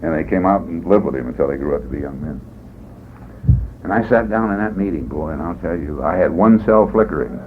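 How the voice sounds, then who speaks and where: A man's voice: low-pitched, expressive, a little fast. A man from California speaking at a recovery meeting, telling his story in a folksy, rambling way, often adding "boy" and "you know.". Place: meeting hall. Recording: tinny phone-like 1980s tape, faint hiss.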